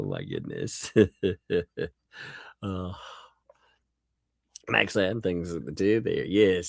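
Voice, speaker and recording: Gravelly, joking male livestream host. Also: fairly low pitch, no room sound, clean studio sound. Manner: mock-dramatic, joking, laughs often; reads and thanks viewer chat. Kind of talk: casual livestream chat.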